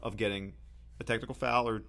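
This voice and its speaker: A man's voice: lowish voice, steady tone, fairly quick, gravelly, bright, forceful tone. A man co-hosting a sports talk show, arguing his point in a firm, reasoned way. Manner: firm, argumentative, reasoned pushback. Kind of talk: casual sports debate chat.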